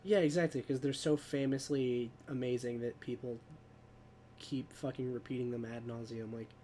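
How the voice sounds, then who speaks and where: Male podcast co-host, mid-pitched and easygoing, faint background hiss. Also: fairly even intonation, normal speed, warm tone. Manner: easygoing, agreeable, casual swearing. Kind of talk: casual chat.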